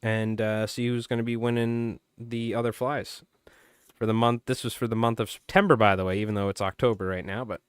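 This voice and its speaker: A man live-streaming, his voice wearing hoarse, calling a marble race play-by-play like a playful sportscaster. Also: on the low side, level tone, brisk, no echo, studio quality. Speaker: fly tying live streamer.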